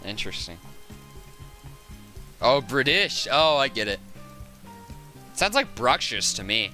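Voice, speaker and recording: Young Southern male streamer, very bright voice, lively swooping pitch, rambling casual chat. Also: slow pace, soft background music. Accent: Southern American. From Southern United States. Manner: rambling, chatty, laughs often. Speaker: game streamer.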